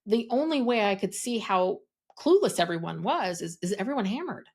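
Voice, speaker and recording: A woman's voice: medium pitch, expressive, moderate pace, a little mellow. A woman co-hosting a podcast in casual chat, rambling and hesitant with many restarts. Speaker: podcast co-host.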